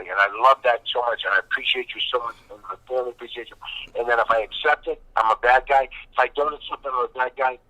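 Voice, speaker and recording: A man talks casually as an interview guest. His voice is bright and forceful, and the sound is dry and close. He rambles and repeats himself for emphasis. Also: mid-range voice, no echo, low-quality recording. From Boston. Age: 50s. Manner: rambling, emphatic storytelling with repetition.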